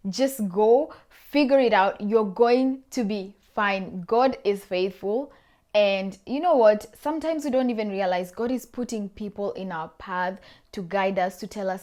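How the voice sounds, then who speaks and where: A woman's voice: mid-range voice, a little slow, a little mellow. A woman in her twenties from Kenya, with an accent that mixes Kenyan and Australian, chatting to her viewers in a casual, encouraging advice vlog. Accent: Kenyan-Australian blend. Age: 20s. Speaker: vlogger.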